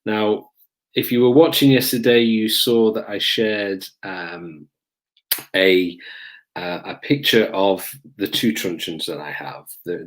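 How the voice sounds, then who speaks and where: A middle-aged man tells old police stories straight to the camera. His voice sits a little low and unhurried, broken by hesitant ums as he searches for the next detail. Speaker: police officer recounting his career. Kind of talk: casual storytelling to camera.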